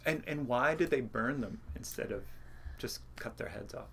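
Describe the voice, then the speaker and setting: A person co-hosting a livestream from home, chatting casually with a dry, teasing way of explaining things. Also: female voice, rumbling low, moderate pace, a little hiss or hum. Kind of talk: casual chat. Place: home, indoors.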